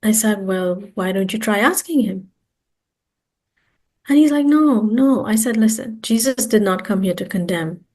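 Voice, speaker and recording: A woman with a mid-pitched voice tells her personal story as an interview guest. She speaks earnestly and emphatically and repeats words to stress them. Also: animated, normal speed, darkish tone. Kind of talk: personal testimony.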